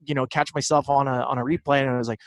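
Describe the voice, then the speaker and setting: Speaking flatly and at a racing clip, a thirtysomething baseball broadcaster from Southern California spins stories with ease during a relaxed guest interview. His pitch is medium, and the recording is rough.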